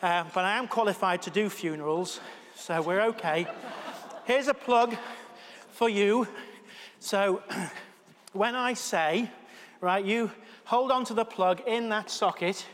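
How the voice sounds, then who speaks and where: A man's voice: high voice, slow pace, long pauses, in a large hall, a little hiss or hum. A man leading an all-age church talk as pastor, joking with his helpers and cheering them on through a live demonstration. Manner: jokey, energetic, cheering people on. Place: church hall.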